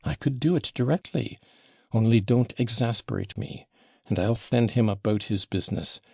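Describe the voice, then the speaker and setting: A man's voice: medium pitch, expressive, normal speed, vocal fry, mellow, slightly rough, no echo, studio quality. A man reading an audiobook voices a passionate, wounded young woman, talking in a raised, emotional way that swings from tender to scornful. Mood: defiant. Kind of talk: audiobook character voicing.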